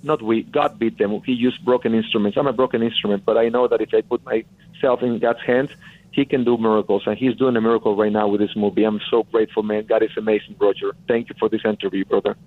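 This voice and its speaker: A man's voice: lowish voice, level tone, quick pace. A man with a Mexican accent, a film producer talking earnestly and effusively as a guest in an interview, often repeating himself. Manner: earnest, effusive, repeats phrases, calls the host brother. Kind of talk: casual interview. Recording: tinny phone line.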